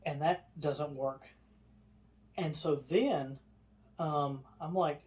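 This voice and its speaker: A man's voice: a little high, slow pace, long pauses. A man telling a story on a podcast in casual chat, acting out the people in it. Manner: animated storyteller, acts out others' lines. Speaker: podcast co-host.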